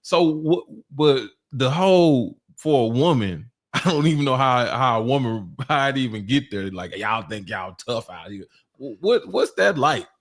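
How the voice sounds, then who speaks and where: A man's voice: mid-range voice, expressive, normal speed, hardly any pauses. A man from Texas, co-hosting a casual stream chat, asking follow-up questions and swearing a lot. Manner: probing, profane, trails off.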